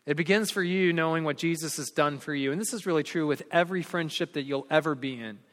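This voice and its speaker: A man in his forties preaching in a large church hall, his bright, forceful voice trailing into a long reverb. He pitches slightly high, swings from lively storytelling to hushed earnest appeals. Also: quick pace. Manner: storytelling preacher, builds up and drops to soft earnest tones. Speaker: pastor. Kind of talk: sermon.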